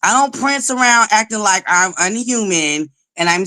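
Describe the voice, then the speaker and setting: A woman hosting a livestream, loud and belligerent, who swears nonstop while greeting viewers and pushing for likes. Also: medium pitch, expressive, moderate pace, few pauses. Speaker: livestream host. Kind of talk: profane live-chat commentary.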